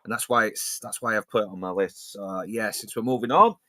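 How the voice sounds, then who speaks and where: A man's voice: lowish voice, brisk, bright, forceful tone, no echo, clean studio sound. Laid-back sweary man on a podcast. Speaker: podcast host. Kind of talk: casual podcast discussion.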